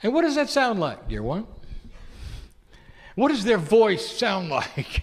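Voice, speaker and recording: A man delivering a channeled spiritual message, his fairly high voice rising and falling in wide, lively swings. He leans on soft rhetorical questions and addresses each listener as "dear one." The sound carries a long, echoing hall reverb. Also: slow pace, pauses often.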